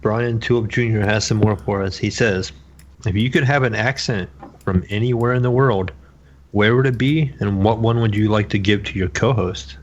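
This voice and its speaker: A man co-hosting a gaming podcast, reading listener questions and telling stories in a measured way. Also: fairly low pitch, slight background noise. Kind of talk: casual chat. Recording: dull lo-fi audio.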